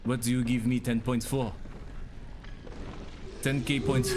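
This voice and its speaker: A man's voice: medium pitch, steady tone, measured pace, long pauses, background noise. A young man streaming a game live, chatting casually with his viewers and reacting to what happens on screen.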